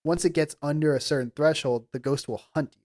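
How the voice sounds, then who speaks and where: A man's voice: a little high, a little fast, darkish tone, no echo, studio quality. A man co-hosting a casual podcast chat, telling stories animatedly with lots of filler words. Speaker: podcast co-host.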